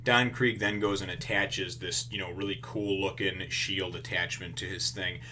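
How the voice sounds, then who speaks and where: Rambling man, low voice with a forceful edge. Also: steady tone, normal speed, slight background noise. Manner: rambling, filler-heavy, blunt and profane. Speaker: manga reviewer. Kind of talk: casual rambling commentary.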